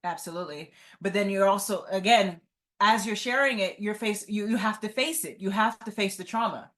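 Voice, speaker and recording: Brisk and fairly bright, this woman's medium-pitched voice belongs to an entrepreneur guesting on an interview podcast. She talks earnestly in a casual style, frequently adding "right?"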